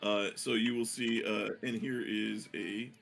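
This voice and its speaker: A man's voice: lowish voice, flat delivery, unhurried, vocal fry, a bit bright, soft background music. A man narrating as game master, rambling with many fillers and restarts.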